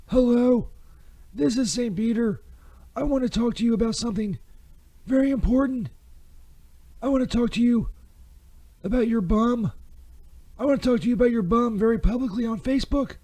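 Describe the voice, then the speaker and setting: A squeaky-high, mellow-toned Saint Peter, put on by a man, fumbles through a crude comedy ad, restarting and second-guessing every take. He stammers and drifts into sarcasm. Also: moderate pace, long pauses. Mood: fumbling. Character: bumbling crude male Saint Peter doing ad takes. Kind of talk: comedy ad-read sketch.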